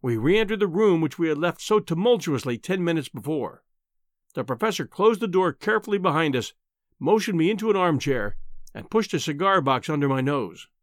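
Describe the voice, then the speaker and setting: A man reading an audiobook aloud as narrator, with an expressive storytelling delivery. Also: on the high side, fairly quick, dry recording, clean studio sound.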